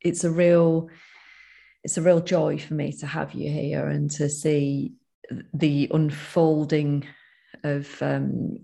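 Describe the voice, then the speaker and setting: A woman hosts a podcast in casual chat and talks in an encouraging way, stopping and restarting her sentences. Her voice is very low and gravelly, with a dark, mellow tone. Faint music plays behind her. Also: level tone. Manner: warm and encouraging, with halting restarts. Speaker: podcast host.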